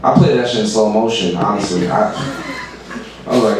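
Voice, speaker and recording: A man's voice: lowish voice, moderate pace, long pauses, a crowd in the background. A man doing a stand-up set at an open mic, rambling with lots of restarts and laughing at his own jokes. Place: small comedy club stage. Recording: echoey room, far from mic.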